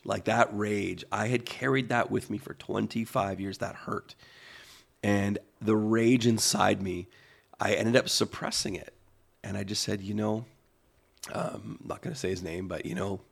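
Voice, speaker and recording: A man in his forties co-hosting a podcast, telling a personal story slowly, with pauses and repeated phrases. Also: on the low side, vocal fry, husky. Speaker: podcast co-host. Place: podcast studio.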